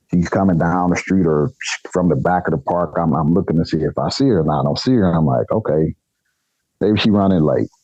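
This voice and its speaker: A man from Nebraska with a slight country accent tells a personal story in casual chat. His voice is low and mellow, and he jumps higher to act out other people's lines. The recording is dry and a bit dull. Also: dry recording. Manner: animated, acts out dialogue with pitch jumps. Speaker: podcast guest. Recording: dull lo-fi sound.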